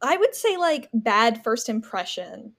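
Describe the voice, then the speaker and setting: Lively, high-voiced woman podcast host. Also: a little slow. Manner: chatty, many "like" fillers. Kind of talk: casual book chat.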